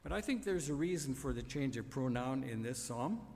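A man's voice: medium pitch, lively intonation, normal speed, a little mellow, big-room sound, slight background noise. A man preaching a sermon on a psalm, emphatic and building to repeated refrains.

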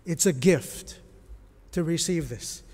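A man preaching a sermon as pastor, dropping to hushed whispers and then rising to loud, emphatic bursts. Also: fairly high pitch, takes it slowly. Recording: long reverb of a large hall.

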